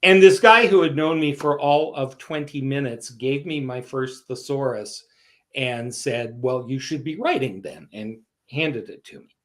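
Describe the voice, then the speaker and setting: A man's voice: mid-range voice, measured pace. A man from Canada, a guest author in a casual interview, telling stories and acting out the voices of the people he quotes. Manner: animated storyteller, acts out quoted voices.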